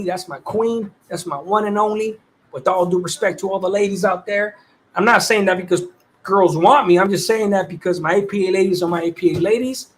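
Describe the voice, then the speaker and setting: A man hosting a livestream, reading viewers' comments in casual chat, with streetwise slang and easy laughter. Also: high-pitched. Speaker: livestream host.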